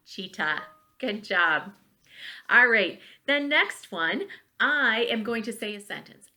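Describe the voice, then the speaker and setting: A woman in her forties teaching a phonics lesson to young children from her bedroom at home, speaking slowly and clearly and drawing out each sound to encourage them. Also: mid-range voice, bright, forceful tone. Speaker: elementary school teacher.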